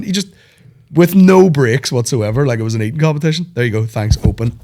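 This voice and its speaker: A man's voice: mid-range voice, brisk. A man with a cold, a comedian hosting a podcast in casual chat, telling stories with lots of swearing and laughter. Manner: sweary, animated storytelling, laughs often. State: sick with a cold.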